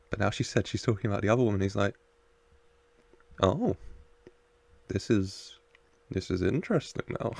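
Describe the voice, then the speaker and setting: A man's voice: low-pitched, vocal fry, slight background noise. A man casually reacting to a TV episode, chatting, laughing and muttering asides to the screen. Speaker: reaction video host.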